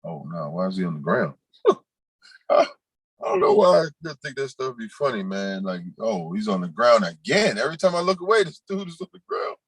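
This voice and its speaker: A man's voice: lowish voice, huge pitch swings, brisk, slightly rough, no room sound, rough recording. A man hosting a casual livestream, rambling loosely and talking to his chat and to himself. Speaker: livestream host.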